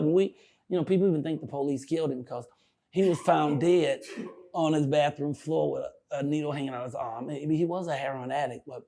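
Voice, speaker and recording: An older male comedian telling stories in a casual interview, profane and animated, often laughing. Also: on the high side, gravelly.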